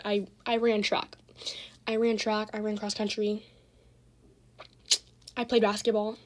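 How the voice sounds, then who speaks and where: A teenage girl rants through a messy school feud in a casual storytime, slangy and full of swearing. Her voice sits a little high, and she tells it in an animated way. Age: teens. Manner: fast, slangy, profane, animated retelling.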